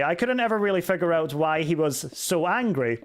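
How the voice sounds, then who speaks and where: A man's voice: high voice, normal speed. A young man streaming a game, chatting casually and answering chat with sarcasm and swearing. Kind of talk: casual live-stream chat while gaming.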